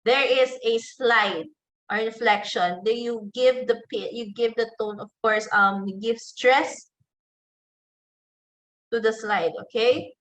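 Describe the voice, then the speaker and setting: A woman teacher with a Filipino English accent gives an online lecture, taking her time over each point. Her voice sits fairly high, and she repeats example phrases slowly so students can follow. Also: fairly even intonation, fairly bright tone, rough recording. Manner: slow, deliberate, repeats example phrases aloud.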